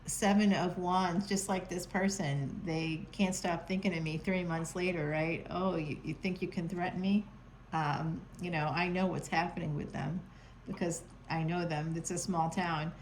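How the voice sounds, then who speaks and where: A woman reads tarot cards in a casual, rambling way, mixing card names with sarcastic asides. Her voice sits fairly low for a woman. A faint background hiss sits under the talk. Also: steady tone, unhurried, poor audio. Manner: playful, sarcastic, chatty with frequent laughs. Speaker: tarot reader. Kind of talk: casual tarot reading to camera. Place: home.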